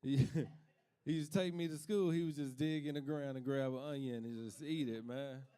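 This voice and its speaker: A man's voice: medium pitch, steady tone, moderate pace, mellow, clear, resonant tone. A man from Kentucky doing stand-up, telling laid-back family stories and laughing at his own jokes. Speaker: stand-up comic. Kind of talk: stand-up comedy.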